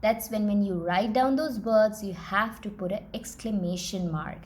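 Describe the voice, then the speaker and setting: A woman's voice: mid-range voice, moderate pace, a little mellow. A woman teacher, patiently explaining step by step how to teach a young child.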